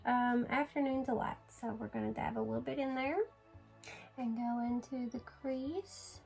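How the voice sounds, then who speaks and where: A woman's voice: a little high, steady tone, normal speed, creaky, a little mellow, soft background music, poor audio. A woman filming a casual makeup tutorial at home, chatty and sleepy, yawning and apologizing as she talks. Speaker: beauty vlogger.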